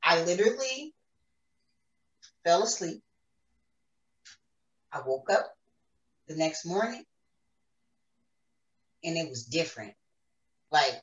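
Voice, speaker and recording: A woman's voice: medium pitch, very animated, takes it slowly, long pauses, a bit bright. A woman giving an earnest, emotional personal faith testimony as a podcast guest. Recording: roomy echo, distant mic.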